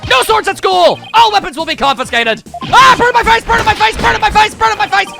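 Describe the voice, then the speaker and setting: A man's voice: extremely high pitch, very animated, a little fast, pitched above the performer's own voice, exaggerated voice. A man doing a blustering pompous teacher. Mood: panicked. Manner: blustering, indignant, theatrical. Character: pompous shouting middle-aged male teacher. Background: game music.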